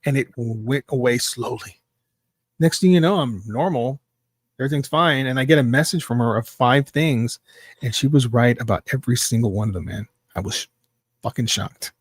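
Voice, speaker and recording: A man guest on a podcast, telling a story in a casual, animated way, swearing freely and stressing his points. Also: medium pitch, brisk, no room sound, clean studio sound.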